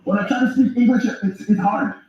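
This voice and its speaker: A man putting on the voice of a French speaker with broken English, talking in halting phrases. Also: sits high, steady tone, a little mellow, close to an everyday voice. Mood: playful. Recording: muffled echoey noisy distant recording.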